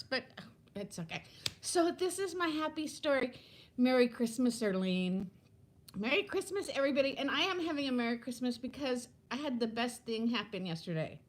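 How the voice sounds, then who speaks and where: A woman in her fifties chatting to viewers on a live stream from home, greeting them by name and telling a story in a warm, gushing way. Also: a little high, rough recording. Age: 50s. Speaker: vlogger hosting a live stream.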